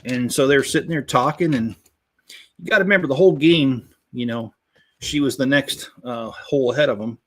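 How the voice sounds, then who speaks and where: A man in easy, casual chat as he builds, at a middling pitch. He rambles through jokes with plenty of "uh" and "you know", and stops to greet viewers by name. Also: a little fast. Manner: rambling, joking storyteller with many fillers. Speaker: channel host building a toy set.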